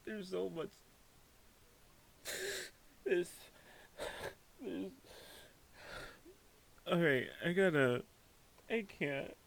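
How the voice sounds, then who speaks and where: A man's voice: high-pitched, animated, extremely slow, vocal fry, long pauses. A man giving a spiritual tarot reading, emotional and close to tears, who keeps breaking off mid-sentence to compose himself. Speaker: tarot reader.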